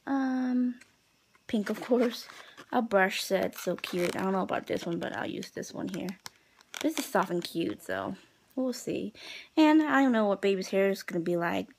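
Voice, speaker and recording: A woman's voice: mid-range voice, expressive, moderate pace, gravelly. Tired, rambling young woman vlogger. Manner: rambling, chatty, many fillers. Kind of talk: casual chat.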